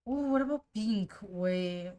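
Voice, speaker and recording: Slow-talking woman musing as she draws. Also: medium pitch. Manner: musing to herself, trial and error, soft laughs. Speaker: streamer. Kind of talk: casual thinking aloud while drawing.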